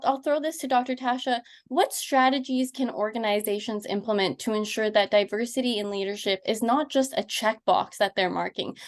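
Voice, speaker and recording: A woman moderating a panel discussion who speaks in a polished, affirming way and reads out prepared questions. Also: fairly high pitch.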